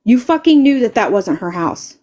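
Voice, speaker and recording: A woman's voice: mid-range voice, big pitch swings, normal speed, a little mellow, muffled recording. A woman live streamer delivering an angry, confrontational rant, stammering and repeating words and swearing heavily.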